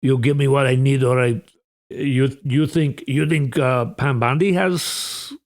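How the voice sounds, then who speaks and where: A man's voice: medium pitch, steady tone, natural voice. A man voicing a threatening Russian leader, fumbling a put-on foreign accent in a podcast aside. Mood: menacing. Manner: halting, unsure stab at a foreign accent. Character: mock Russian strongman making threats, male.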